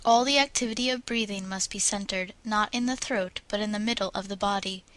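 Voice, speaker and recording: A woman reading a public speaking manual aloud in a steady, instructive way, drilling vowel sounds with examples. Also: medium pitch, brisk, few pauses, dry recording, poor audio. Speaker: audiobook reader. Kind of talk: scripted narration of a speaking manual.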